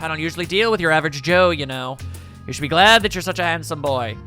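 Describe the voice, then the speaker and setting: A man voicing a slick, smooth-talking salesman boss from a video game, in a smarmy pitchman manner. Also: quick pace, bright, forceful tone, faint music behind, close to an everyday voice.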